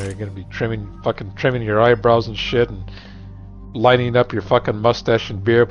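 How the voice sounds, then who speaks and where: Middle-aged man, deep-ish voice, profane wisecracking gamer chat, muffled lo-fi audio, soft music bed. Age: 40s or 50s. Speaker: gamer streaming. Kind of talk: casual rambling gaming chat. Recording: dull lo-fi recording, faint music.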